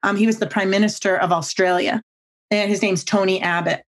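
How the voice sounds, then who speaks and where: Animated woman telling stories with acted-out voices. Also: a little fast. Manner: acts out quotes with big pitch jumps; emphatic, repeats catchphrases. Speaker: guest speaker on body language. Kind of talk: animated storytelling on a podcast.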